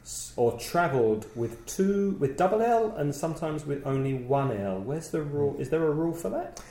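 A man's voice: fairly high pitch, animated, moderate pace, dark tone, echoey room. Careful man spelling words aloud. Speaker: student co-host. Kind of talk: answering questions in a podcast lesson.

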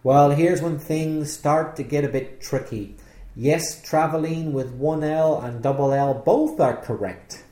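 A British man explains spelling rules like a patient English teacher. His tone is mellow and a bit dark, and the voice rings in an echoey room. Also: fairly high pitch, measured pace.

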